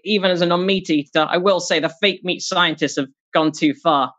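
A stand-up comedian doing a set from home over a video call, lively and quick to mock, dropping into sneering put-on voices. The audio is dull and lo-fi, with a mid-height voice. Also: mid-range voice. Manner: animated, slips into mocking put-on voices; laughs at own jokes.

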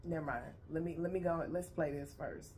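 A woman's voice: low-pitched, brisk, noisy background. Tired, blunt, profane woman vlogger. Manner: blunt, profane, chatty, talks straight to viewers. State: tired, voice a little worn. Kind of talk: casual reaction video chat. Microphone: headphones on.

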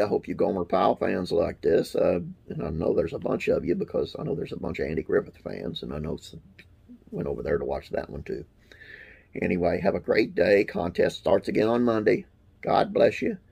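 A man hosting a classic TV trivia channel reads facts aloud and wanders into folksy, rambling asides, signing off with religious remarks. His voice is deep and a little mellow, with vocal fry and a breathy edge.

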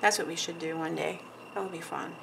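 A woman's voice: fairly low pitch, steady tone, fairly quick, gravelly, fairly bright tone, a little hiss or hum, low-quality recording. A woman hosting a nail art tutorial, chatting casually and giggling as she paints, often trailing off mid-sentence while she concentrates. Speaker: nail artist, channel host.

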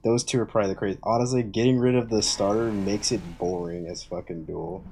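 A man's voice: lowish voice, fairly even intonation, a little fast, dark tone, a little hiss or hum. A young man giving rambling, casual gameplay commentary as a gaming video host, often laughing and swearing.

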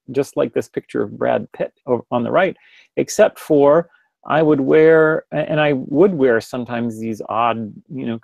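A man's voice: mid-range voice, vocal fry, darkish tone, dry recording. A man presenting a webinar in a casual, rambling way, full of restarts and direct questions to his listeners. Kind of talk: casual spoken webinar lecture.

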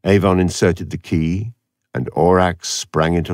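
A man narrating a story in an audiobook reading, with a wry, expressive manner. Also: low voice, normal speed, gravelly, no echo, clean studio sound.

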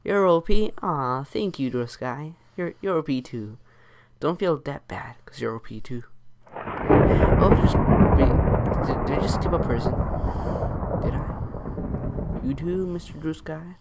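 A man giving casual, excitable gameplay commentary as a channel host, chatting to his teammate and taunting opponents as he plays. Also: a little high, measured pace, heavy background noise. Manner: excitable, chatty, talks to his teammate and foes while playing.

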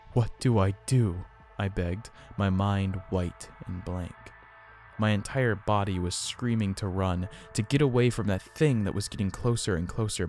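Guy reading a creepy story, lowish voice, tense and hushed, soft music behind. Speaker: narrator. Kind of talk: scripted horror story narration.

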